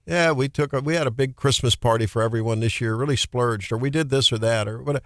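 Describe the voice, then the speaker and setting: A man hosting a political talk radio show with a Midwestern American accent, talking in an animated, indignant way and often restarting his sentences. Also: medium pitch, quick pace, no room sound, studio quality.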